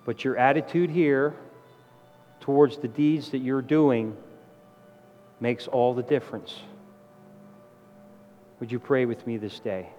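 A middle-aged man preaching a sermon with emphatic delivery, his voice rising to loud exclamations. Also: medium pitch, slow, pauses often, highs cut off, soft background music. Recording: long hall reverb.

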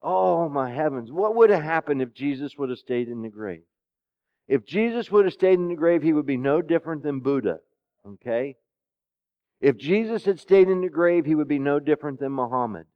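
A man preaching a sermon who keeps asking the congregation questions and swings between soft and loud. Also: on the high side, expressive, moderate pace, no room sound, highs cut off. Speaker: pastor.

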